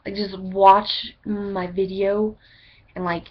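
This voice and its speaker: A woman's voice: mid-range voice, little pitch movement, normal speed, husky. Rambling woman vlogging, dull lo-fi sound. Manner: rambling, chatty, swears freely. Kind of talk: casual storytelling to camera. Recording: dull lo-fi webcam audio with faint noise.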